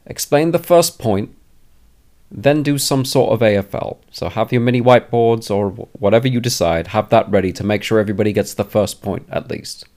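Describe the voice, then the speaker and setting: Speaking directly to camera, an experienced teacher offers advice to new teachers in a lowish, slightly mellow voice. He talks briskly with few pauses, stressing his points emphatically and restating the key ones often.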